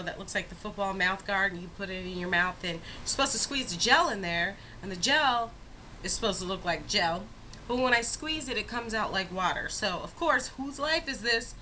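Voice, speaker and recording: Young woman, casual vlog storyteller, bright tone, lively and expressive delivery. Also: medium pitch, moderate pace, slight background noise, low-quality recording. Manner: animated, expressive retelling with rhetorical asides. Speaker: vlogger.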